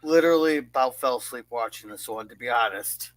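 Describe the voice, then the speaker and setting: A man's voice: medium pitch, brisk, a crowd in the background. A man on a review panel, giving blunt, grumbling opinions in casual chat.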